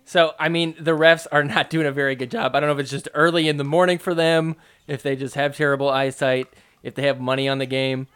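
A man with a fairly high voice runs through match highlights in a loose, chatty podcast recap. He jokes his way through the plays and mocks the referees' calls as he goes. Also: flat delivery, fast talker, fairly bright tone, clear, resonant tone. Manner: joking, mocks referees in quoted asides. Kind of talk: casual play-by-play recap.

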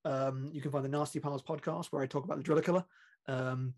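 A man's voice: mid-range voice, fairly even intonation, quick pace, a little mellow. A British man co-hosting a film podcast, talking in a chatty, rambling way with lots of fillers and laughs. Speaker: podcast co-host. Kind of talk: casual film podcast chat.

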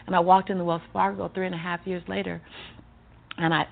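A woman's voice: lowish voice, little pitch movement, a little fast, creaky, narrow, tinny audio. A woman telling her story in a motivational speaking style, emphatic and preacherly with lots of repetition. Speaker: guest speaker.

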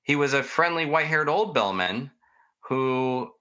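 A man's voice: medium pitch, animated, unhurried, sharp tone. A man hosting a podcast, casually telling ghost stories in a chatty, rambling way and poking fun at himself. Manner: chatty, rambling, self-mocking. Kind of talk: casual storytelling chat.

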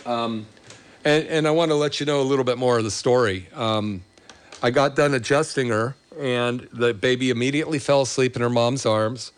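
A man's voice: medium pitch, moderate pace, clear, resonant tone. A middle-aged male chiropractor reading a patient's thank-you letter aloud, getting emotional, then telling the story behind it. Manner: emotional, choking up while reading; enthusiastic, promoting his practice.

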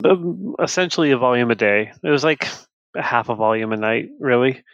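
A man's voice: medium pitch, animated, a little fast, vocal fry, fairly bright tone, no room sound. A man in casual conversation about a book, thoughtful and repeating words as he searches for phrasing. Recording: slightly dull, dry sound.

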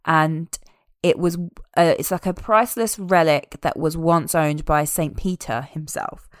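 Chatty woman recapping a movie, kinda low voice, dry close mic. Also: measured pace, no echo. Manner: chatty, animated, amused. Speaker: podcast co-host reviewing a film. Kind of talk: casual chat.

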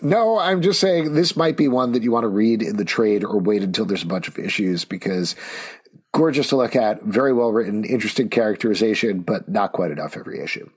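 A man co-hosting a podcast in casual chat, talking in an animated, jokey, rambling way. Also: fairly low pitch, brisk, slightly rough. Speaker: podcast co-host reviewing comics.

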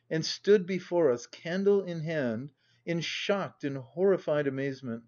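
A man narrating a classic novel as a volunteer audiobook reader, in an even, measured reading, on a dull lo-fi recording. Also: on the high side.

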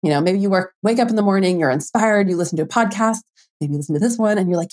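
A woman's voice: medium pitch, racing, a little mellow. A young adult woman hosting a solo coaching podcast, talking casually with lots of "like" and the odd swear word. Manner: casual, chatty, lots of "like", mild swearing, playful quoted inner voices. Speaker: dating and manifestation coach, podcast host.

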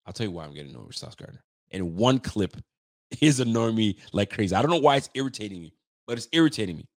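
A man hosting a casual sports talk livestream, swearing freely and getting worked up, his voice jumping high when he's fired up. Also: fast. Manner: animated, profane trash talk; pitch swings up when fired up. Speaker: sports talk show host.

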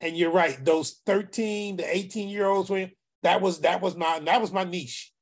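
A man on a video call telling an emotional story to friends, animated and acting out bits of dialogue. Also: high voice, normal speed. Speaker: group call participant, former youth worker. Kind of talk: heartfelt storytelling among friends.

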